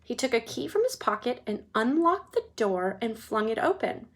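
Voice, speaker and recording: A woman's voice: on the high side, normal speed. Woman reading a children's book aloud. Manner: expressive storytelling. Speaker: reader.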